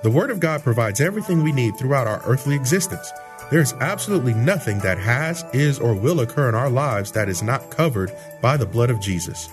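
Male announcer, mid-pitched, formal read, soft music underneath. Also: expressive, fairly quick. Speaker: program announcer. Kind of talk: scripted introduction.

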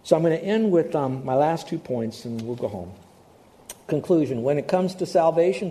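A middle-aged man preaching a sermon as pastor, animated and repeating words for emphasis. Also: fairly high pitch, normal speed. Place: church in Hawaii.

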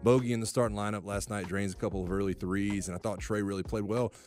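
A man's voice: lowish voice, steady tone, quick pace, darkish tone, soft background music. A man who used to play pro football, co-hosting a sports radio show in loose, casual talk. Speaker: sports radio co-host, former player.

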